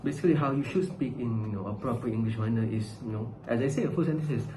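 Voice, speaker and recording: A young man rambles through a tongue-in-cheek advice vlog, swearing and joking as he goes. His mid-pitched voice rings around a roomy space, over a clear hiss of background noise. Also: quick pace. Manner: joking, rambling, swears, drops "lah" particles. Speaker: vlogger. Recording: echoey room with steady background noise.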